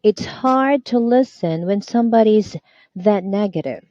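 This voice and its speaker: A woman's voice: medium pitch, lively intonation, a little slow, dark tone, no echo, highs cut off. A woman tutoring English online, prompting and correcting a student with encouragement.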